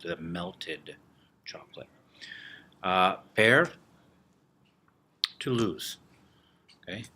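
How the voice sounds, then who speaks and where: Male teacher, low voice, slow patient drill delivery, faint room ambience behind. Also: fairly bright tone, a little hiss or hum. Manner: slow, repeats words and drills with gestures. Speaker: French teacher. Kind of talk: classroom vocabulary lesson.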